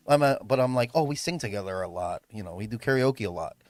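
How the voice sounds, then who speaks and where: A man's voice: a little high, sing-song, fast, dry recording. Laid-back, rambling male streamer. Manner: laid-back, rambling, swears and laughs often. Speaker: livestreamer and event host. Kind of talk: casual livestream chat. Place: home room. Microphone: streaming mic.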